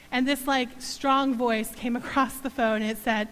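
Woman, 30s, high voice, emotional testimony in a reverberant church hall. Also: unhurried, few pauses, smooth. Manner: heartfelt, animated storytelling with acted-out quotes. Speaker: mother giving a testimony.

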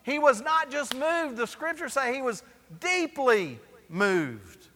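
Man pastor, high bright voice, preaching sermon with call-and-response, church hall reverb. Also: big pitch swings, takes it slowly.

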